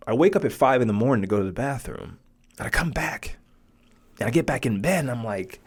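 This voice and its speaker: A man's voice: mid-range voice, animated, brisk, breathy edge. A man in his forties, hosting a podcast and telling a personal story in a conversational way, often checking in with the listener. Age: 40s. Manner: conversational, often asks "right?". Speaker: podcast host.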